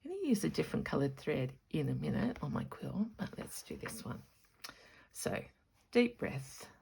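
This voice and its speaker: Woman, low voice, husky, excited rambling vlog chat. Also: normal speed. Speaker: stitching vlogger. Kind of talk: casual show-and-tell vlog.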